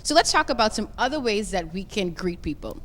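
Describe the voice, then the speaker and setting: A woman's voice: medium pitch, big pitch swings, brisk, a bit bright. A woman language coach teaching a lesson on a youth TV show, upbeat and prompting the audience to repeat after her.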